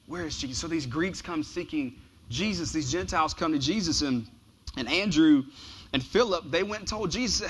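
A man delivers a morning sermon with a fairly high voice. He preaches casually and mixes in slang. He leans on repeated phrases for emphasis. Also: moderate pace, a little hiss or hum. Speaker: pastor.

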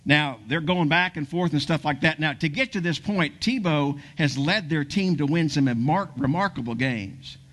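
A man with a fairly high voice preaches a sermon through a lively story. He speeds up and slows down and sometimes falls to a hushed near-whisper to stress a line. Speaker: pastor.

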